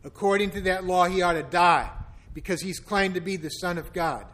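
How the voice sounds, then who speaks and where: An angry crowd of men shouts its demands, loud and forceful, as a man reading scripture voices them. The voice sits a little high for a man. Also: moderate pace. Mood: angry, demanding.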